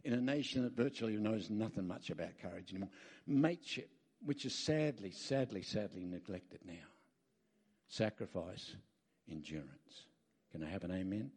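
A man's voice: lowish voice, expressive, moderate pace, darkish tone, husky. An Australian man speaking as a guest at a church, preaching emphatically, telling folksy stories with rambling asides and calling out for amens. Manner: emphatic, calls out for amens from the crowd.

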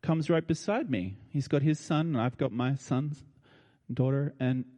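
An older Australian man tells a personal story with plain, heartfelt emotion and casual turns of phrase. His mid-pitched voice carries a long reverb from a large hall. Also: a little slow, dark tone. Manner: colloquial and heartfelt, with feeling in his voice. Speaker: speaker addressing an audience.

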